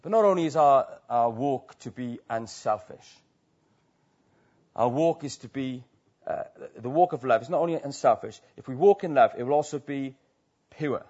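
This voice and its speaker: A man's voice: medium pitch, moderate pace, a little mellow, muffled recording. A man from Wales with a Welsh accent preaching a sermon to a church, talking conversationally with many tag questions.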